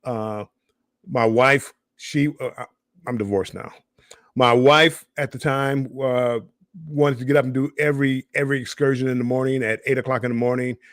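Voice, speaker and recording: A man's voice: mid-range voice, steady tone, normal speed, fairly bright tone, no room sound, clean studio sound. A middle-aged man co-hosting a live cruise chat, telling stories in a rambling way with many restarts and repeated words. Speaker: cruise show co-host. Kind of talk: casual live-stream chat.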